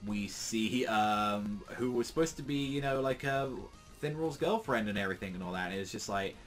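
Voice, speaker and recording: Un homme à la voix grave qui résume en divaguant. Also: male voice, on the low side, normal speed, faint music behind. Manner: rambling, heavy use of fillers, profane asides. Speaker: manga reviewer. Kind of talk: casual chapter recap.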